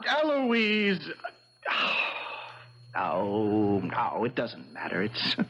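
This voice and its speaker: A man playing a nervous husband in hiding who stammers and talks haltingly, in a 1970s radio drama. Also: a little high, expressive, husky, full character voice. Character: nervous middle-aged husband hiding in witness protection. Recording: dull old radio broadcast.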